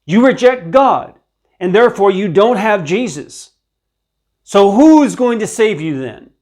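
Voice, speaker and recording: A man preaching a stern video sermon on scripture, rebuking listeners in a terse but gentle tone. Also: high-pitched, expressive, measured pace. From Ukraine.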